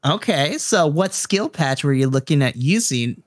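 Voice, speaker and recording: A man's voice: fairly high pitch, lively intonation, measured pace, no room sound. Male GM, talkative and giggly, explains rules at length; dry booth sound. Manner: chatty, laughing often, explaining rulings. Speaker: game master. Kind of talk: running a tabletop game.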